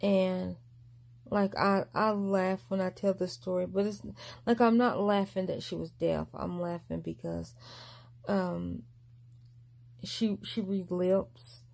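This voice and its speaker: A woman's voice: lowish voice, steady tone, takes it slowly, creaky, a little mellow. A young woman telling a long personal story in a casual vlog, mumbling and restarting often. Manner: rambling, mumbled delivery with frequent restarts.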